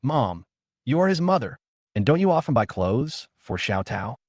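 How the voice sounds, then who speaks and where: A man's voice: mid-range voice, big pitch swings, normal speed, no room sound, clean studio sound. A man voicing an anxious, earnest young woman who pleads with her parents. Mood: pleading. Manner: pleading, urgent, trembling.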